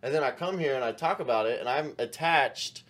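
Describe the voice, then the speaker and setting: A man's voice: medium pitch, fairly bright tone. A man as a podcast guest, chatting casually and agreeing often. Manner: chatty, agreeable, lots of quick yeahs. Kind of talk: casual chat.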